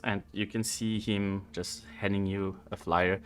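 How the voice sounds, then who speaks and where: A man's voice: lowish voice, flat delivery, a little slow, a bit bright. A man narrating a tabletop game as game master, in a playful, laughing way.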